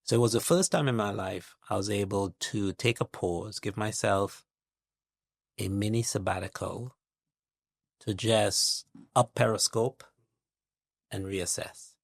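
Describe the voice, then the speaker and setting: A middle-aged man from Trinidad, a guest investor speaking in a measured, reflective interview manner, building his points with analogies and lists. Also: lowish voice, gravelly, no room sound, clean studio sound.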